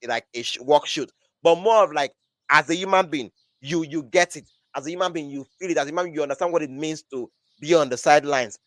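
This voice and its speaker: A young man hosts a casual live podcast, rambling and restarting his sentences with constant "like". His voice sits a little high, and the recording is dry and close. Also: no echo. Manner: rambling, restarts often, says "like" a lot. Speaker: podcast host. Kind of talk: casual live-stream chat.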